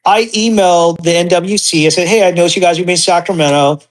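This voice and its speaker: A man's voice: sits high, quick pace, rough recording. A man in his forties, a podcast guest, telling casual stories with animation and acting out the voices of people he quotes.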